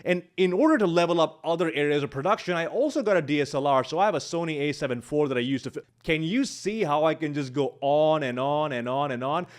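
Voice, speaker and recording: A man's voice: fairly high pitch, quick pace, hardly any pauses. A man teaching speaking skills on video, walking through examples on the spot, recorded on a large studio microphone at his home setup. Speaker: speaking coach. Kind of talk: instructional YouTube talk.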